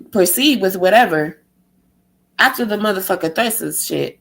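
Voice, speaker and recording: A woman's voice: medium pitch, poor audio. A woman ranting in a profane monologue, exasperated and sarcastic, firing off rhetorical questions. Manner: exasperated, sarcastic, heavy swearing; fires rhetorical questions, mocks others in a put-on tone. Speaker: vlogger.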